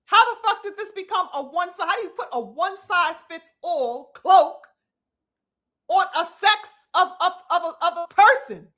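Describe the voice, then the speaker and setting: A woman with a high, bright, ringing voice delivers a heated live commentary. She lectures like a preacher, stressing long words, swearing freely and calling her audience brothers and sisters. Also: expressive, measured pace. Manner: preachy, emphatic, profane, addresses "brothers and sisters". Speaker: commentary host.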